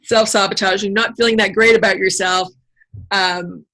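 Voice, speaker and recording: Gravelly-voiced woman business coach. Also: medium pitch, steady tone, moderate pace, bright, forceful tone. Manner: affirming, encouraging. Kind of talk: casual conversation.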